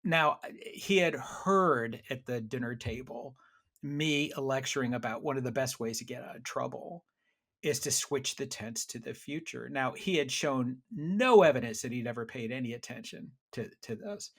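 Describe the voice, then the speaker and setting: Gravelly middle-aged man telling stories. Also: medium pitch, normal speed. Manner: animated storyteller with frequent restarts. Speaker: author and podcast guest. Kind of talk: conversational interview storytelling.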